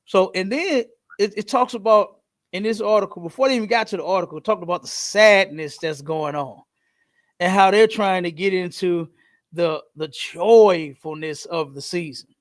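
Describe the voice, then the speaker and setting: A man hosting a podcast in casual, slangy talk, telling stories in an animated way. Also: high-pitched, normal speed. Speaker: podcast host.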